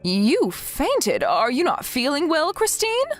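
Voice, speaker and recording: A woman voices a stern, protective grandmother scolding her son, reading text messages aloud in a firm, reproachful, worried way for a text-message story. Her delivery is high-pitched, slow and heavily acted, with wildly swooping pitch and soft music behind it.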